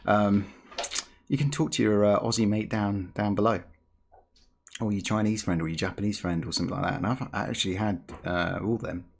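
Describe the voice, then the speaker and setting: Male gaming host, low gravelly voice, animated rambling rant. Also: moderate pace. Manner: animated, rambling, repeats and restarts words. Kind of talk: ranting commentary.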